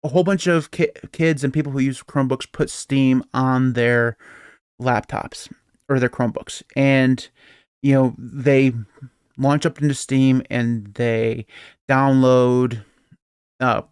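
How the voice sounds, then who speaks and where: A man's voice: medium pitch, fairly even intonation, slow pace, clear, resonant tone, no room sound, clean studio sound. A man co-hosting a podcast in a casual, rambling way, chuckling often between points. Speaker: podcast co-host. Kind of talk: casual tech chat.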